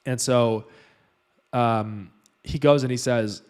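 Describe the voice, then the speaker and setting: A man's voice: mid-range voice, fairly even intonation, slow pace, long pauses, darkish tone, clean tone. A man vlogging, retelling a personal story in loose, casual speech full of "like" and "you know".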